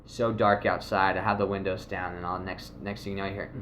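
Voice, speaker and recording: A man casually telling a rambling, animated story, swearing often and acting out what people said. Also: low voice, fairly quick, noisy background. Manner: rambling, animated, swears a lot, acts out quotes. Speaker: video host.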